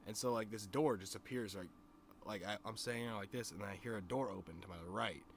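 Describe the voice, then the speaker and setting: A man with a lowish voice, streaming and spinning a long dream story for his chat. He rambles, restarts, swears freely and keeps asking if you follow him. A faint hiss of noise sits under his voice. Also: a little fast. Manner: rambling, profane, filled with "you know what I mean". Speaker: streamer and musician.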